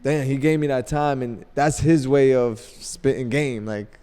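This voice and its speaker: A man guesting on a podcast, telling loose, animated stories full of fillers. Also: mid-range voice, a little slow, smooth, long reverb tail. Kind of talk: casual storytelling chat. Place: podcast studio.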